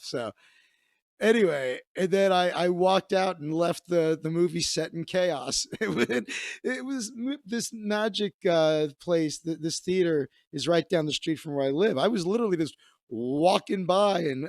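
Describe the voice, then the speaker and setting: Gravelly-voiced man rambling through a comic story. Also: a little high, normal speed, no room sound, clean studio sound. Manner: rambling storytelling with asides and laughs. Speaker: comedian host. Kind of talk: casual comedic monologue.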